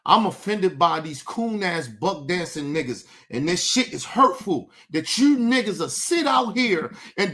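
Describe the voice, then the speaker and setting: A man hosting his own show, delivering an impassioned, profane commentary rant that swings between shouting and low, intense talk. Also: sing-song, a little slow, hardly any pauses. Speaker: show host.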